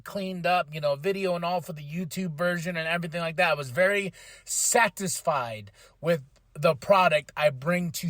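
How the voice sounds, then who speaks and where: A man's voice: high-pitched, fairly bright tone, no room sound. A man hosting a casual wrestling review podcast, hyped and rambling with lots of fillers. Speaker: podcast host.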